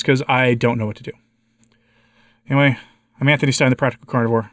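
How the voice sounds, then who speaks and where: An American man with a congested and slightly hoarse voice, giving a candid personal update to his viewers and asking them for advice. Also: mid-range voice, fairly even intonation, fast, fairly bright tone, no echo, clean studio sound. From United States. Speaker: vlogger, channel host.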